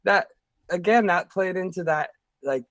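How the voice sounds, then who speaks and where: A man in his thirties telling stories as a podcast guest in a casual, rambling way, full of fillers and lively impressions of other people. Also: high-pitched, measured pace, no echo. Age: 30s. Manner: rambling, filler-heavy, animated quoting of others. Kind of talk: casual storytelling interview. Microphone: podcast studio mic.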